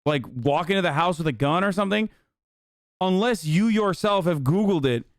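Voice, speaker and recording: This streamer reacts to a documentary with casual, profane, incredulous commentary, breaking into animated rants. His voice sits high and moves at a normal speed. The studio-quality audio has no room sound.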